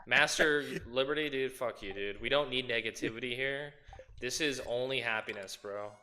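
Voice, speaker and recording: Bright-sounding guy streaming a cozy game, swearing a lot, fake-mad at chat. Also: mid-range voice, normal speed, slight background noise. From United States. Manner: profane, joking, mock-outraged banter. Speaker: streamer co-host.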